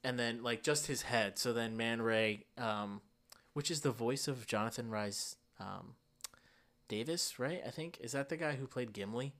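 A man's voice: mid-range voice, measured pace, a bit bright. A man co-hosting a casual podcast, rambling through a summary with lots of fillers. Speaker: podcast co-host. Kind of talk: casual chat.

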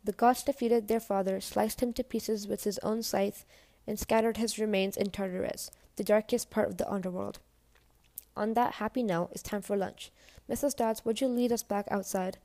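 A woman voicing a demanding male teacher who speaks in a formal, earnest, measured way. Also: medium pitch, fairly even intonation, mellow, no room sound, close to an everyday voice. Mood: stern.

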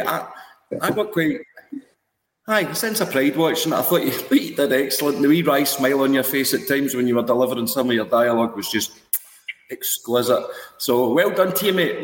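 A man's voice: medium pitch, fairly quick. A man chatting enthusiastically and laughing as he gives praise. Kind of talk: casual chat. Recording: echoey room with long reverb.

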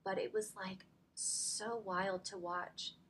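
A woman's voice: mid-range voice, level tone, slow pace, a bit bright, slight background noise. A woman in her thirties telling a personal story in a faith podcast conversation, chatty and full of "like", close to tears at times. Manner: chatty, fills speech with "like". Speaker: podcast guest.

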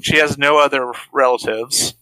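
A man's voice: medium pitch, fairly even intonation, normal speed, pushed and bright, clean tone, dry recording, low-quality recording. A man co-hosting a podcast, adding context and commentary on a film and its era in casual chat. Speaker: podcast co-host.

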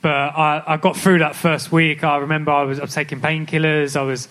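On stage at a live podcast event at a club, a young professional footballer gives candid, reflective answers with frequent restarts. His voice is a little high and fairly bright, with a flat, brisk delivery.

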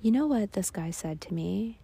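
A woman hosts a confessional solo podcast in a voice full of vocal fry, sitting at a middling pitch. She sounds tired and talks candidly, mocks herself, swears and laughs often. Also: expressive, normal speed, warm tone. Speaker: podcast host.

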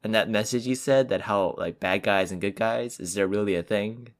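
A man co-hosting a casual podcast chat, enthusiastic and quick to exclaim. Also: fairly low pitch. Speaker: podcast co-host.

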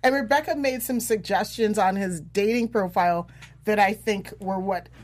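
A woman with a mid-range voice chats casually as a podcast co-host. She is easygoing and quick to agree with the others. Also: medium pitch, a little mellow. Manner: easygoing, agreeable, often says "yes". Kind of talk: casual chat.

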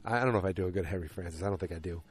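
Man, podcast host, casual, rambling, fillers, fairly low voice. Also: rapid-fire, slightly rough. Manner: rambling, lots of fillers and restarts. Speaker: podcast host recapping a TV show. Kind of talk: casual chat.

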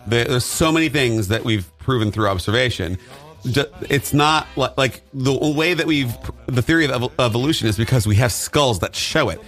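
Male podcast co-host, rambling and laughing, mid-pitched, faint music underneath. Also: expressive, a little fast, a bit bright. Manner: rambling, many restarts, laughs often. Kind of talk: casual chat.

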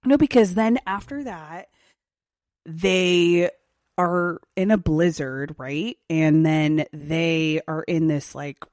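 A woman hosting a casual podcast chat, excitedly gushing and acting out quotes. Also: deep voice, takes it slowly, no room sound, studio quality. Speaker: podcast host.

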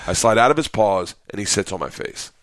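Animated man telling a comic story. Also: on the low side, brisk, no echo. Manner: acts out voices, laughs, shouts at climaxes. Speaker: guest comedian.

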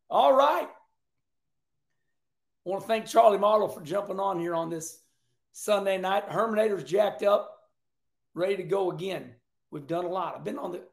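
A man hosts a show with animated, emphatic commentary, repeating his points. His voice is high and gravelly. The room has an echo. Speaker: host. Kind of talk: casual race commentary.

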